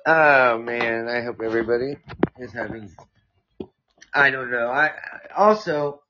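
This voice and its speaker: A man's voice: medium pitch, pushed and bright, a little hiss or hum. Rambling man with a dull lo-fi sound. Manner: rambling, halting, many fillers and restarts. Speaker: podcast host. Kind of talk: casual podcast reading listener stories.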